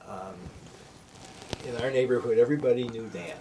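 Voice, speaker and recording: A man's voice: mid-range voice, moderate pace. An older man telling a fond childhood memory in a group discussion, hesitant with many fillers and restarts. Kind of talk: casual personal storytelling. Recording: distant mic, faint room noise.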